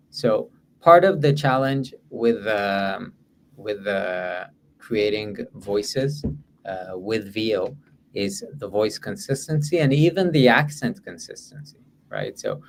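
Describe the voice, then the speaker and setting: A man with a fairly low voice answers an audience question in an online session. He hesitates, restarts and fills gaps with "um". A faint hum sits under the recording. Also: vocal fry. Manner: hesitant, many fillers and restarts. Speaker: guest presenter.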